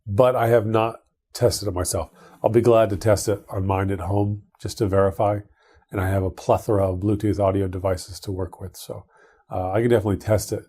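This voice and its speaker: A man's voice: fairly low pitch, little pitch movement, brisk, warm tone, slightly rough. A middle-aged man co-hosting a podcast, chatting casually about tech and his family in a rambling way with many restarts. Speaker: podcast co-host.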